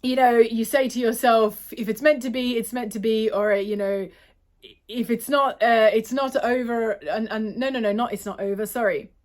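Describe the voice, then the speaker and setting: Australian woman vlogger, slightly high pitch, chatty and self-correcting, apologizes often. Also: steady tone, normal speed, a little mellow. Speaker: vlogger answering viewer questions. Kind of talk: casual Q&A monologue.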